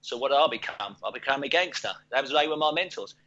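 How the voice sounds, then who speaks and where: A man's voice: medium pitch, expressive, quick pace, sharp tone, slight background noise. A man in his fifties, a podcast guest, telling stories in a jokey way and laughing often. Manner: jokey, laughs often, does voices in anecdotes. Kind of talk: casual storytelling. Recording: dull lo-fi audio.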